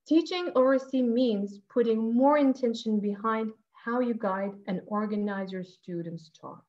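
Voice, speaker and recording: A woman teacher trainer giving a lively, emotional webinar presentation and answering audience questions over a video call. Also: on the high side, a little slow, dull audio. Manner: animated and emotional, warmly addresses the audience. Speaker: teacher trainer presenting at an online education conference.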